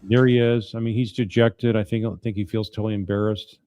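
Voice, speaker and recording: A man's voice: on the low side, level tone, a little fast, dark tone. A man commenting as an attorney on trial evidence, talking in a casual, wry, conversational way as he reads out messages and reacts.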